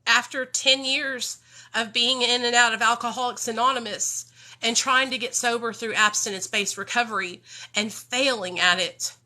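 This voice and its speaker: A woman's voice: a little high, steady tone, moderate pace, bright, forceful tone. A woman, talking emotionally and bluntly to her livestream viewers about recovery, swearing freely and calling them y'all. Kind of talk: emotional unscripted livestream talk.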